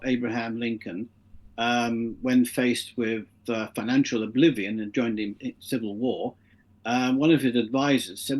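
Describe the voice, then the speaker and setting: A middle-aged man, guesting on a casual interview, spins long anecdotes and acts out the voices of the people in them. His voice is medium-pitched and a little mellow.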